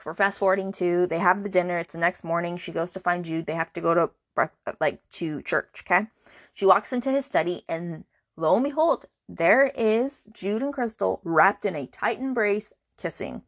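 A woman's voice: fairly low pitch, no room sound, studio quality. A woman hosting a book podcast, recapping a romance novel in a chatty, indignant way full of fillers. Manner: chatty, many "like"s, indignant asides.

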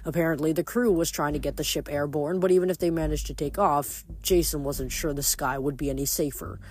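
A person reading a novel aloud after a short recap, in a steady, plain delivery with the odd self-correction. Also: mid-range voice, a little fast. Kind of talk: fan audiobook reading with recap.

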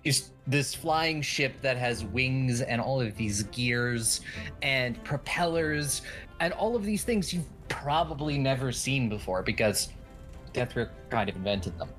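Game master, mid-pitched, hesitant narration with faint music behind. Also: expressive, a bit bright. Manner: halting, many ums and uhs.

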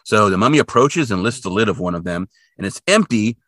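Lively, bright-voiced male podcast host. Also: fairly low pitch, a little fast, no room sound, studio quality. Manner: animated storytelling with acted-out bits. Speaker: podcast co-host recapping a cartoon episode. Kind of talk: casual chat.

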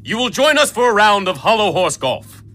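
A man's voice: high-pitched, big pitch swings, normal speed, pitched above the performer's own voice. A man voicing a pompous male alien villain leader in a crude comedy cartoon, lordly and grand.

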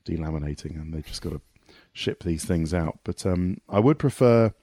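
A man talking as a motorsport pundit guest in a casual podcast conversation, animated and rambling, with many restarts. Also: low-pitched, moderate pace, no room sound.

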